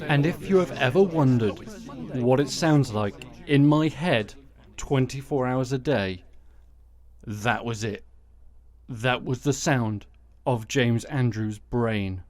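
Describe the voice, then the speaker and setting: A male podcast host delivering satirical news commentary with sarcastic, dry asides. His voice sits at a middle pitch and is recorded close and dry, with no room sound. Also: darkish tone, no echo.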